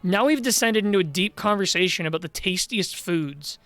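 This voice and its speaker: A rambling, easy-laughing man chatting through a live-streamed game in a somewhat high voice. His voice sounds tired and worn from long streams. Faint game music sits in the background. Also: animated, moderate pace, a bit bright, no echo. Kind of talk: casual live-stream commentary while gaming.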